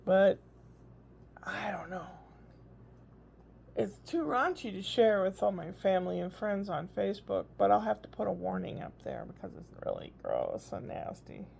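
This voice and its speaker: A woman's voice: medium pitch, big pitch swings, normal speed, creaky, darkish tone, slight background noise. An older woman, a grandmother, chatting in a rambling, casual video diary. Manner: chatty, rambling, frequent laughs. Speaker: vlogger. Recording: dull lo-fi recording.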